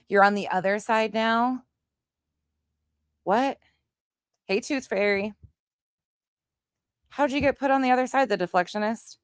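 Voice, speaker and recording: A woman's voice: a little high, clear, resonant tone, no echo, clean studio sound. Chatty woman greeting livestream viewers. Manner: greets viewers by name, chatty and blunt with swearing. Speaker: livestream host. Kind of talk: casual livestream chat reading comments.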